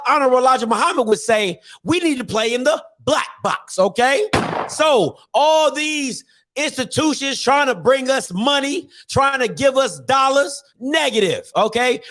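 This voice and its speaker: A man's voice: extremely high pitch, fairly bright tone. A man hosting a call-in show, preaching his points hard and ending them with "okay?". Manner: emphatic, punctuates points with "okay?". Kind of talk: fiery radio talk.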